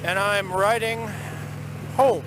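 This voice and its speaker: A man's voice: high-pitched, steady tone, slow pace. A man with a Boston accent, telling a rambling, chatty story in a casual vlog recorded outdoors on the road. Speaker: vlogger. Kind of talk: casual vlog while riding. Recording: outdoor traffic noise.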